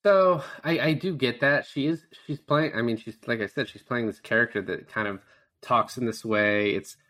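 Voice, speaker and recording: A man's voice: mid-range voice, normal speed, a bit bright. A man in his thirties co-hosting a casual movie review podcast, loose and rambling with lots of restarts. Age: 30s. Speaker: podcast co-host.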